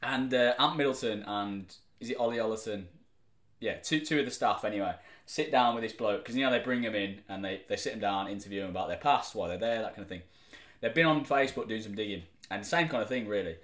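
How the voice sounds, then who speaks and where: A man's voice: fairly low pitch, quick pace, a bit bright. A man co-hosting a podcast, telling a story casually with frequent laughs and swearing. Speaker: podcast co-host. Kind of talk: casual chat. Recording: echoey room.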